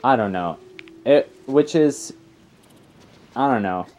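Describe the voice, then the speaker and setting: A man's voice: medium pitch, expressive, takes it slowly, darkish tone. A young man giving casual, rambling gameplay commentary as a let's player. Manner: rambling and chatty, full of fillers and tangents. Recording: game music faintly behind. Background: faint game music.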